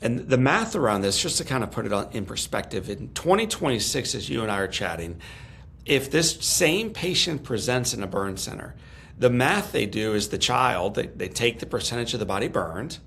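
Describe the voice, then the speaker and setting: A man's voice: medium pitch, sing-song, normal speed, gravelly, fairly bright tone, slight background noise. A middle-aged man telling his own story earnestly in an interview, often repeating words as he stresses a point. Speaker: podcast guest, speaker.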